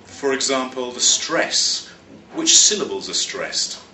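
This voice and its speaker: A man from London teaching a vocabulary lesson, his bright voice rising and falling with lively pitch. He talks in a clear, measured way and leans on key words. He sounds set back from the mic in an echoey room. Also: recorded from a distance, a little hiss or hum. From London, England. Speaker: English teacher and teacher trainer. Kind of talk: explanatory spoken lesson. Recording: roomy echo, slightly off-mic.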